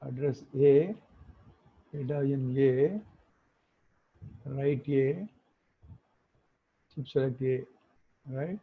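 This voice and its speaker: A man's voice: medium pitch, drawn-out words, pauses often, breathy edge. A man teaching an online class, explaining things step by step and often checking with tag questions. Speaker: instructor. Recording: phone-like muffled call audio.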